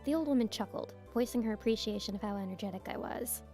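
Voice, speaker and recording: A young woman streaming a visual novel, reading narration aloud softly and chatting with giggles in between. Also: medium pitch, fast. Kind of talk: reading a game aloud with casual commentary. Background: game music.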